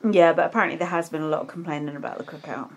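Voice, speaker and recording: A woman co-hosting a podcast in casual chat, laughing often between remarks. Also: deep voice. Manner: giggly, quick to laugh. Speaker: podcast co-host.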